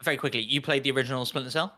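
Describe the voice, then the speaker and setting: Man, co-host, casual gaming chat, chatty, quick talker, bright tone. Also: medium pitch, steady tone. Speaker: podcast co-host.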